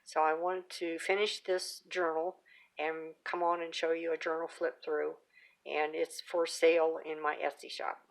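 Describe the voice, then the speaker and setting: A woman's voice: sits low, little pitch movement, a little slow, vocal fry. A middle-aged woman hosting her own craft channel, chatting casually with plenty of fillers and restarts as she shows off her handmade work. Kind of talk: casual show-and-tell.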